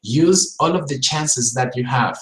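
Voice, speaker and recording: In an echoing room, a man whose native language is Spanish gives a live-streamed English pronunciation class at a medium pitch and a slightly slow pace. He demonstrates by repeating sounds and words and checks in with viewers often.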